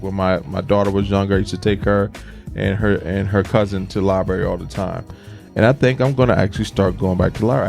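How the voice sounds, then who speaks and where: A man's voice: fairly low pitch, vocal fry. A man co-hosting a call-in show, chatting casually and reading out viewer comments. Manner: relaxed, reads viewer comments aloud. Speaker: co-host. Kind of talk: casual radio show chat.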